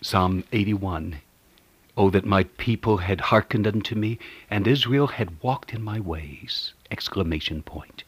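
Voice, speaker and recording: A man preaching a radio sermon, swinging between fervent swells and hushed whispers as he quotes scripture. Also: fairly low pitch, husky, dry recording.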